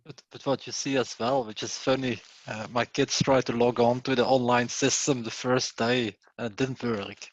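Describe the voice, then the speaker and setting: A man talking in a relaxed, reflective way as a panelist in an online meetup. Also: medium pitch, moderate pace, few pauses, no echo, poor audio. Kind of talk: casual online meetup discussion. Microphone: video call.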